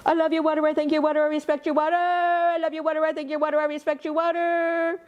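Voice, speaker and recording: A woman voicing an eager little boy, a grandson speaking in a high, sing-song, pleading way. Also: lively intonation, slow pace, muffled recording. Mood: playful.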